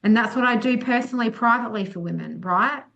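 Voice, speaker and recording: Young woman breathwork facilitator, earnest, slightly hoarse, dull lo-fi video call sound. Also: fairly high pitch, fast, fairly bright tone. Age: young adult. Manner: earnest, affirming, many restarts. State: losing her voice. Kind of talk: online group session talk.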